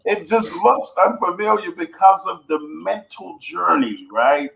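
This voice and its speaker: A man's voice: high-pitched, a little slow, gravelly, fairly bright tone, reverberant, slight background noise, rough recording. A man speaking as a guest coach, telling his story earnestly and building his points through repetition. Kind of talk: reflective storytelling.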